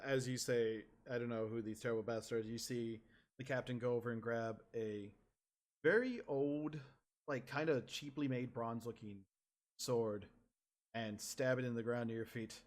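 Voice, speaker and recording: Man, game master, mid-pitched voice, casual narration, hesitant wording. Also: normal speed. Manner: casual, searching for words.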